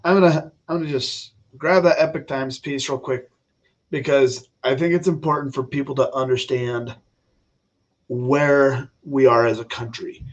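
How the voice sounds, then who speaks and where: Blunt, opinionated man hosting a livestream; unhurried delivery, mid-range pitch, rambling chat. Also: highs cut off. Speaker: livestream host. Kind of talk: casual political livestream talk.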